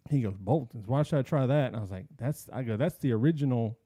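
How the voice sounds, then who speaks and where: A man with a dark, mellow voice tells a story on a podcast in a casual way. He acts out each line people said to him. His voice is recorded dry and close. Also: mid-range voice, fast talker, no echo. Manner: animated storyteller acting out quotes. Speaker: podcast host.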